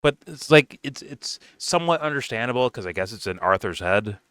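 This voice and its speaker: A man's voice: medium pitch, lively intonation, a little fast, a bit bright, clear, resonant tone, no room sound, clean studio sound. A young man casually reviewing a film, rambling and swearing with lots of fillers and laughs. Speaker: movie reviewer.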